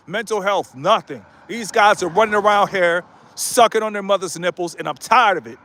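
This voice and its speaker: A man's voice: high voice, a little fast, a bit bright. A man in his late thirties on a live stream, walking through a neighborhood and bluntly urging viewers again and again to toughen up. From United States. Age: 30s. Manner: blunt, repetitive, exhorting. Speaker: YouTuber. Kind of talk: live-streamed motivational rant. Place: outdoors in a residential neighborhood with passing cars.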